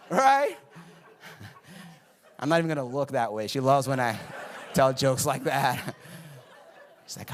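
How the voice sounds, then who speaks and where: High-voiced joking pastor preaching. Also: male voice, expressive, moderate pace, long pauses. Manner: playful, joking with the congregation. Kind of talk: sermon. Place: church auditorium.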